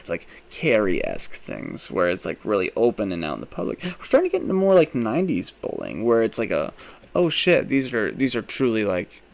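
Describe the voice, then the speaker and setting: A young man hosting a podcast, telling a rambling, profane comic story, swinging between loud rants and mumbled asides. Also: lowish voice. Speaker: podcast host. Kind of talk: rambling comedic monologue.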